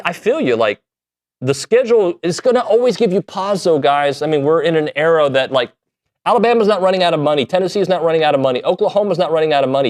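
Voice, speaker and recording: A man hosting a sports talk show, talking casually in an animated, joking way that pokes fun at himself. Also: fairly high pitch. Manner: animated, self-deprecating, jokey. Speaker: sports radio host.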